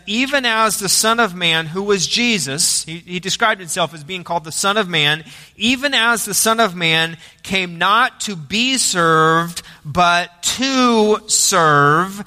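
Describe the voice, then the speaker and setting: A man's voice: high-pitched, bright, forceful tone. A man preaching a sermon to his congregation as pastor, asking them to repeat lines back and rising to emphatic moments. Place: church sanctuary. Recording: long hall reverb.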